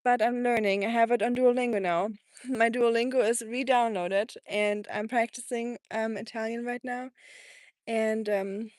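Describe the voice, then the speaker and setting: A woman with a thick German accent hosts a live stream, reading out viewer comments and chatting back with easy laughter. Her voice sits a little high. The sound is close and dry, with no room echo. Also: fairly even intonation, a little slow, a little mellow. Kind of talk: casual live-stream chat. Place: home in Tennessee.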